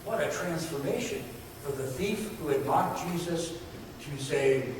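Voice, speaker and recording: A man's voice: fairly high pitch, expressive, takes it slowly, far from the mic, background noise. Man preaching in an echoey hall. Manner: earnest, builds emphasis through repeated phrases. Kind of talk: sermon. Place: church sanctuary.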